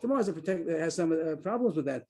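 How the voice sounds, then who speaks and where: Male Talmud teacher on a video call, rattles through the text, dark and husky. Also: a little high, lively intonation. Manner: explains quickly, repeats phrases, reads Aramaic text aloud. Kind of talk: Daf Yomi class on a video call.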